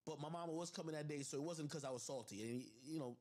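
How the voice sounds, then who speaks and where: A man on a livestream telling a personal story in an animated, profane way, addressing his viewers with lots of asides. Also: on the high side, quick pace. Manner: animated and profane, with constant "I'm like" asides to the audience. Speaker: livestream host.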